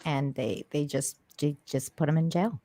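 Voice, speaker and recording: A woman's voice: low voice, fairly even intonation, normal speed, warm tone, dry recording. A woman on a casual livestream panel, joking and giggling. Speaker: guest panelist.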